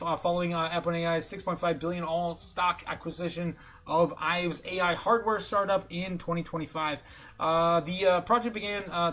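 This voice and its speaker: A man hosting a casual livestream, talking excitably with lots of fillers and chuckles. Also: fairly high pitch. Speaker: livestream host.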